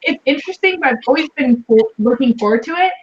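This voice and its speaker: A woman's voice: high-pitched, expressive, quick pace, lo-fi sound. A woman of thirty, talking casually as a guest, filling her speech with "like" and acting out her stories. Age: 30s. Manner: chatty, fills with "like" and acts out stories. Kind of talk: casual chat.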